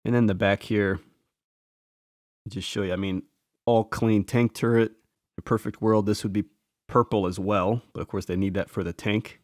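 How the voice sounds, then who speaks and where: A man casually talking through a toy figure as a reviewer, relaxed and enthusiastic, thinking aloud as he points out details. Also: on the low side, normal speed, long pauses, dry recording, studio quality. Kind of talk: casual show-and-tell commentary.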